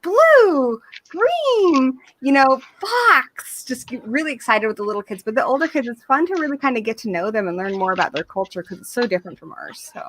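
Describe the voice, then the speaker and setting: A woman with a bright, high-set voice talks in a loose, chatty way. She is energetic and silly and laughs often as she co-hosts a casual podcast conversation. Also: fast, few pauses, slight background noise. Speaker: podcast co-host. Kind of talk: casual chat.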